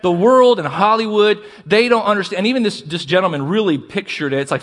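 A man preaching a sermon as pastor, asking the congregation for responses and slowing down to stress key words. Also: high voice, lively intonation, a bit bright.

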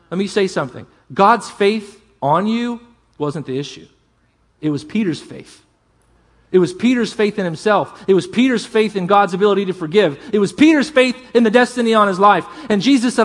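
A pastor preaching a sermon, earnest and emphatic, often dropping to a hush. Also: male voice, high voice, lively intonation, normal speed.

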